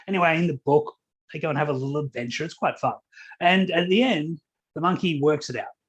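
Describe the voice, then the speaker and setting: A man's voice: fairly high pitch, fairly quick, husky, muffled recording. A man giving a motivational keynote at a company conference, telling stories in a conversational way, with fillers. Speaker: keynote speaker.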